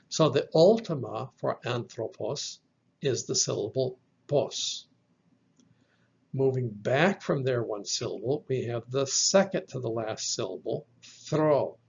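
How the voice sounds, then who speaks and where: Slow gravelly-voiced man teaching. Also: medium pitch, highs cut off. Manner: slow, careful explanations with spelled-out terms. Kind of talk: slide lecture.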